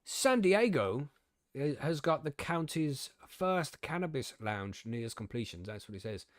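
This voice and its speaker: A man's voice: on the high side, very animated, a little slow, no room sound, clean studio sound. A young man from the UK hosting a podcast, telling stories and reading news in a casual, laughing, swearing way. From United Kingdom. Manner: swearing, laughing, gobby storytelling. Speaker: podcast host.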